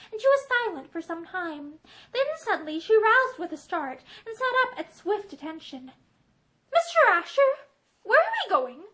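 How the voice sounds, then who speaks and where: Young woman reading a book out loud, really high voice, lots of swing in it. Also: low-quality recording. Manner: expressive, animated storytelling. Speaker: reader. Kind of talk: audiobook reading of a novel. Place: indoor room with bookshelves.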